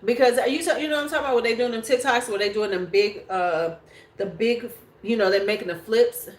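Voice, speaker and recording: An American woman in her forties hosts a beauty livestream, chatting casually and bluntly with viewers and swearing freely. Her voice is fairly high and brisk, and the room is echoey.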